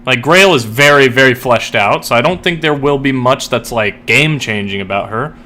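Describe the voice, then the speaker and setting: A man's voice: medium pitch, moderate pace, sharp tone. A young man streaming and chatting casually about his writing, rambling with lots of fillers and frequent swearing. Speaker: streamer and writer. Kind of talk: casual chat while gaming.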